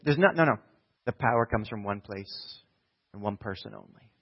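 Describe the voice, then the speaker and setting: A male pastor from New Jersey giving a conversational sermon that swings from quiet asides to loud exhortation. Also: lowish voice, animated, normal speed, vocal fry, lo-fi sound.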